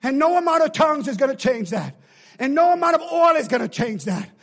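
A pastor preaches a sermon in a very high-pitched, very animated voice, using a call-and-response cadence. He shifts between shouted pleas and hushed, drawn-out lines that approach whispers.

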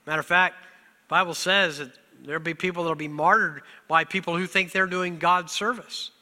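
A man's voice: high voice, fairly even intonation, normal speed, sharp tone. A middle-aged male pastor preaching a sermon, emotional and self-deprecating, on the verge of tears and often laughing through them. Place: church sanctuary. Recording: long church hall reverb.

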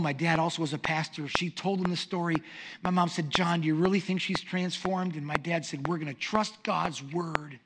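A middle-aged male pastor telling stories in a sermon, animated and humorous. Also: on the high side. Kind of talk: sermon storytelling. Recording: noisy recording with clicks.

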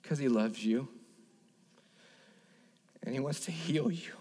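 A man's voice: mid-range voice, takes it slowly, dark tone, husky. A man in his thirties, a pastor preaching an earnest sermon, telling a personal story and building to emphatic repeated lines. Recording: long reverb of a large hall.

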